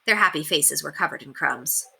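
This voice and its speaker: A woman teacher reading a chapter book aloud with expressive storytelling. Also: deep voice, normal speed, gravelly, slightly rough.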